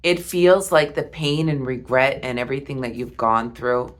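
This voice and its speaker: A woman reading tarot cards, talking slowly and softly with heartfelt pauses. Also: extremely low pitch. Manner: slow, soft and heartfelt, with pauses. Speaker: tarot reader.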